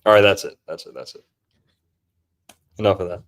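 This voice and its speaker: A man with a low voice hosting a podcast in loose, casual chat. He jokes and mocks, often sliding into impressions. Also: fairly even intonation, racing. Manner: joking, mocking, riffs in impressions. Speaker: podcast host.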